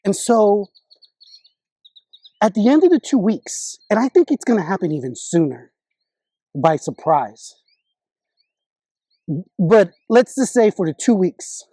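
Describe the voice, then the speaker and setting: A man's voice: sits high, very animated, measured pace, long pauses, dark tone, dry recording. A man vlogging his political opinions in a casual monologue, confident but often restarting and correcting himself mid-sentence.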